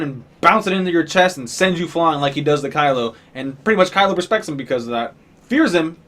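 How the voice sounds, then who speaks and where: A man's voice: a little high, fairly bright tone. A man giving an exasperated, profane, sarcastic rant as a movie reviewer. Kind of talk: ranting film review.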